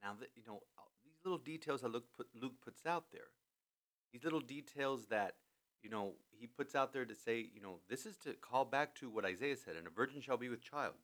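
A man hosting a podcast in a studio, talking through a scripture passage in a relaxed, chatty way with many restarts. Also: mid-range voice, a little fast. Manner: animated, lots of restarts and "you know". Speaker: podcast host. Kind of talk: conversational scripture commentary. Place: studio in a building with thin walls.

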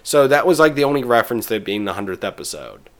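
A man's voice: mid-range voice, very animated, quick pace. A man in casual chat, rambling through an episode recap with restarts and quoted bits.

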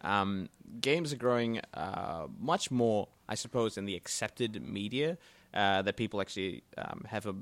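A man's voice: on the low side, a little slow, hardly any pauses, a bit bright, dry recording. A man hosting a live podcast in casual chat, rambling with many fillers. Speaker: podcast host. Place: bookstore, live event.

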